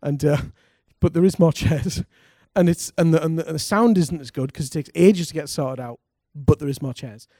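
Pastor, slightly high voice, dry close sound, animated preaching with call and response. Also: male voice, normal speed, hardly any pauses, no echo. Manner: animated preaching, calls for congregation responses, laughs. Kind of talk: sermon.

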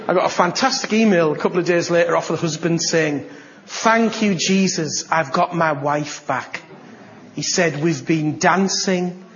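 A preacher tells a story to his congregation, acting out each exchange. His voice sits a touch high and swells into bursts of excitement. The recording is muffled and lo-fi. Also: slight background noise. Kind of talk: sermon with a personal story.

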